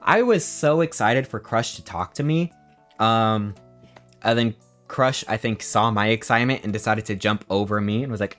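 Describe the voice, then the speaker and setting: A man's voice: lowish voice, normal speed, soft background music. Sarcastic man recapping a trip. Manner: sarcastic, animated storytelling. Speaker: streamer. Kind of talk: casual stream recap.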